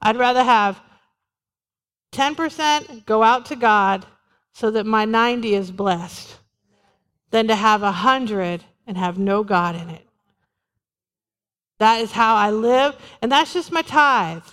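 A woman's voice: fairly high pitch, slow pace, long pauses, fairly bright tone, smooth. A woman pastor preaching a sermon in a church, talking in a conversational way and repeating short refrains. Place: church sanctuary. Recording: long hall reverb.

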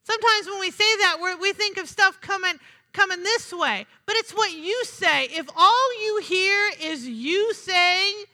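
A woman preaching with a very high, piercing voice that rings out through a long hall reverb. She is emphatic, repeats her lines for effect and keeps asking the congregation for an "Amen?". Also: measured pace, bright, forceful tone. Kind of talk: sermon.

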